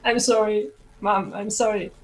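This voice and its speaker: A woman's voice: mid-range voice, steady tone, measured pace, faint music behind, close to an everyday voice. A woman voicing an anxious young girl who pleads with her parents and apologizes, laughing nervously as she plays her in a tabletop game. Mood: apologetic. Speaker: player. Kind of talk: tabletop role-play.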